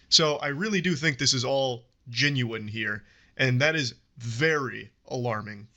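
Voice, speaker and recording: A man's voice: mid-range voice, unhurried, pushed and bright. Man giving dramatic scripted commentary. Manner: dramatic, wry, hyperbolic. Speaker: commentary YouTuber.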